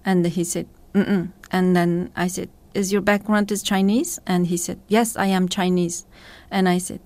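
A woman's voice: lowish voice, normal speed, dry recording. Woman activist telling a story in English. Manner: animated storytelling in non-native English. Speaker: activist interviewee. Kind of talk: recounting a personal incident.

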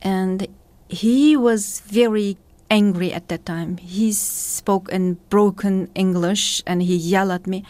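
A woman's voice: medium pitch, slow, dry recording. Woman activist telling a story in English. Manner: animated storytelling in non-native English. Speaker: activist interviewee. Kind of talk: recounting a personal incident.

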